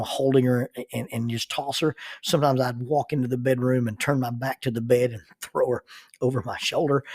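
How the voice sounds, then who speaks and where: Male storyteller, husky, dry close sound, chuckles and restarts. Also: mid-range voice, no echo. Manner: chuckles often, halting restarts, animated retelling. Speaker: counselor and minister telling life stories. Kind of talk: personal storytelling.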